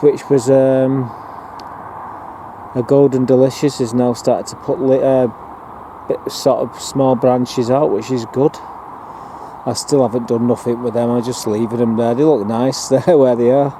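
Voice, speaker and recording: A man with a mid-range voice gives a casual walking tour of his allotment garden, an outdoor plot in a town. He chats and rambles through fillers, and the background is noisy.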